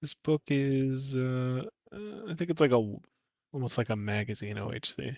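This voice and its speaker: A man's voice: medium pitch, expressive, moderate pace, vocal fry, darkish tone, no echo. Laid-back man on a muffled line. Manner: laughs often, offhand remarks. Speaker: co-host. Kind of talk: casual live-stream chat. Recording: slightly dull, muffled sound.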